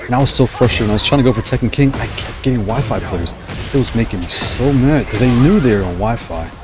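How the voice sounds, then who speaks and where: A man's voice: mid-range voice, animated, quick pace, music in the background. A tired man streaming a fighting game and chatting as he reacts aloud to each round. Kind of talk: live gameplay commentary.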